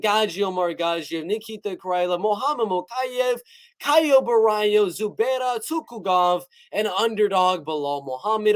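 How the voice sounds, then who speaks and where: A young man with a high, light voice hosts a casual fight-picks livestream. He jokes his way through the chat comments in an easygoing, chatty manner. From North Carolina. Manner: reads chat comments aloud, joking. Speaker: MMA prediction livestream host.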